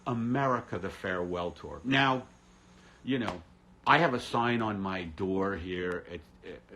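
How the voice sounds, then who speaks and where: A male comedian hosting a livestream from his apartment, rambling through a sardonic monologue with deadpan gloom. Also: deep voice, a little hiss or hum. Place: at home in an apartment.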